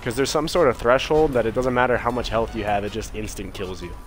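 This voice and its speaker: A man casually commentating his gameplay, excitable and swearing, with jokey asides to his viewers. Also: medium pitch, quick pace. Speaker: streamer playing a game. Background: game music.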